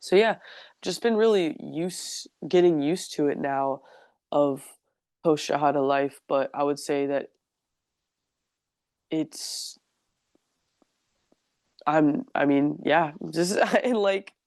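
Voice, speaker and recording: A young woman with a gravelly, fry-edged voice tells her story in a relaxed interview. She is chatty and openly emotional, often reaching for "like." The sound is dry and close. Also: sits low, slow, long pauses, dry recording. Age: young adult. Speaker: interview guest telling her conversion story. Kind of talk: casual personal storytelling.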